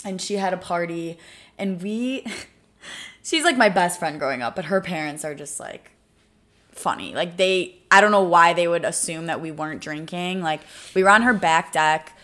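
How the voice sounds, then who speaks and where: A woman's voice: fairly low pitch, moderate pace. A young woman chatting casually and rambling through a story with fillers. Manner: relaxed, rambling, filler-heavy. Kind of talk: casual chat.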